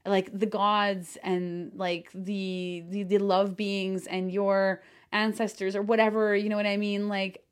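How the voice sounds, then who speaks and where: Woman coach on her podcast, gushing, lots of "like", swears casually, middle pitch. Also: flat delivery, slow pace, few pauses, clear, resonant tone. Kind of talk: excited solo podcast talk.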